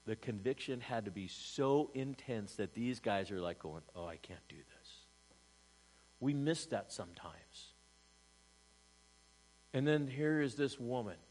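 Male pastor, mid-pitched, dynamic sermon delivery, rhetorical questions, big shifts in volume. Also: low-quality recording. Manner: dynamic, swings from loud emphasis to hushed, rhetorical questions. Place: church service.

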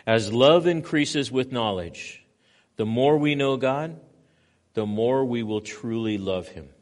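A man pastor preaching a sermon, moving between loud emphatic stretches and quiet hushed passages. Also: mid-range voice, takes it slowly.

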